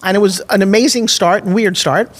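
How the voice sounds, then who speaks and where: A woman in her sixties with a New York accent tells her story in a podcast interview. She is expressive and lively, and her voice sits at an ordinary middle pitch. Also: brisk. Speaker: guest.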